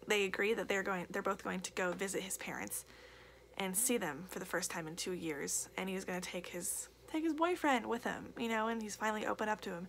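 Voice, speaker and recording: A woman's voice: mid-range voice, creaky, fairly bright tone, slight background noise. A young woman reviewing a book in a casual vlog, gushing and emotional, repeating herself with lots of fillers.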